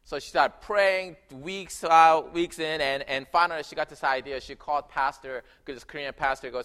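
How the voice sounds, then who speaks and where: A man preaching a sermon in a church, telling a story with animated swings between loud emphasis and quiet narration. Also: mid-range voice, normal speed, few pauses, smooth. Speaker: pastor. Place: church sanctuary.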